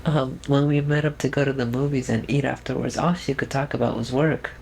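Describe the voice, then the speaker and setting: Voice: mid-range voice, fairly even intonation, a little fast, creaky, a little mellow, slight background noise, poor audio. A young adult vlogger speaking in a trained feminine voice, giving a casual, rambling update at home with lots of fillers and restarts. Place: at home, alone with camera.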